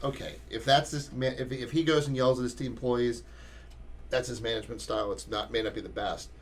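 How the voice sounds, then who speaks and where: A man's voice: mid-range voice, fairly even intonation, brisk. A man co-hosting a casual sports talk podcast, emphatic and often restarting his sentences. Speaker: podcast co-host.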